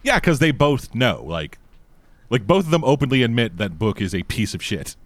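A man tears into a film in casual podcast chat, cursing freely and speaking bluntly. His pitch swings widely as he talks, and the sound is close and dry with no room around it. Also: moderate pace, dry recording. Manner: profane, blunt, animated. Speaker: podcast co-host. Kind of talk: casual movie review chat.

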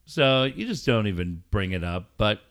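A man's voice: fairly low pitch, big pitch swings, moderate pace, a bit bright. A man, a sports radio host, joking and ribbing his co-host in casual podcast banter, swearing freely. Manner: joking, mock-emotional, profane.

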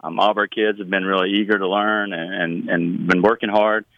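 A middle-aged man, a high school football coach, answering radio interview questions in a relaxed, plain-spoken way with many fillers and restarts. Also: brisk, no echo, lo-fi sound.

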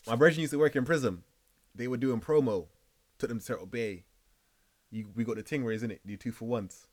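A man's voice: medium pitch, a little fast, slight background noise. A man in casual chat, laid-back and teasing, with street slang.

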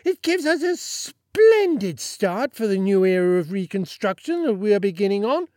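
A man's voice: high-pitched, very animated, moderate pace, a little mellow, no echo, studio quality, pitched above the performer's own voice. A man voicing a pompous, boastful little Sultan in a story reading, talking in a bossy, self-satisfied way. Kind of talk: audiobook character voice.

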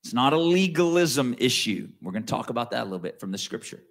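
A man preaching a sermon in a conversational way, slowing down and rising to stress key words, then dropping low for asides. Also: big pitch swings, gravelly. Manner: conversational with wide swings in pitch and loudness, slows to stress key words. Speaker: pastor.

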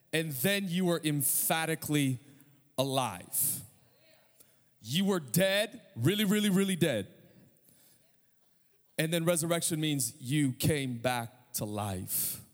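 A male pastor preaching an emphatic sermon, asking his congregation rhetorical questions. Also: high-pitched. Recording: long hall reverb.

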